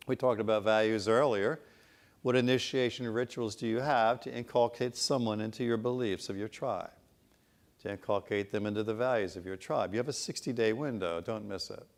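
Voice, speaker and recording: A man with a somewhat low voice presents at a business conference. He talks as a consultant, telling anecdotes in a loose, conversational way with rhetorical asides to the audience. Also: moderate pace.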